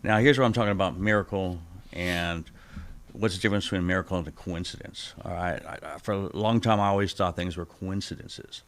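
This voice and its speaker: A middle-aged man sharing his personal testimony as a podcast guest, animated and acting out the people he quotes, swinging between loud bursts and hushed asides. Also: deep voice, brisk. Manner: animated storyteller who acts out the people he quotes.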